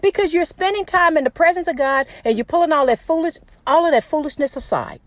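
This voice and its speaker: A woman host giving a passionate faith testimony, emphatic and at times near yelling, recorded on a phone in her parked car. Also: sits high, expressive, quick pace, no echo. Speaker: podcast host.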